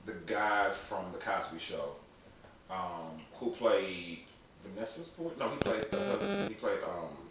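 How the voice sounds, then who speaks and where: Podcast co-host, man, very low voice, rambling and halting, recorded far off in a very echoey room. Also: lively intonation. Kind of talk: casual chat. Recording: echoey room, mic far off, faint noise.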